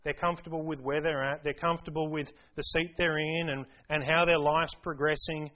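A man's voice: on the high side, level tone, a little fast, bright, forceful tone. A man preaching a sermon, earnest and emphatic, putting rhetorical questions to his congregation.

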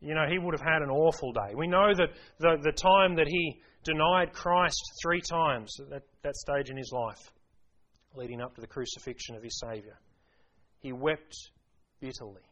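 A man's voice: fairly high pitch, moderate pace, fairly bright tone, highs cut off. A man preaching a sermon to a congregation, emphatic, repeating key phrases and asking rhetorical questions. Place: church service.

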